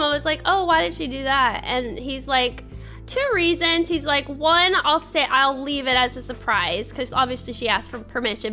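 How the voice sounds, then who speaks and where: Young female streamer, casual chat and giggly storytelling, a bright voice with faint music behind it. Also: sits high. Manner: reads chat and thanks viewers.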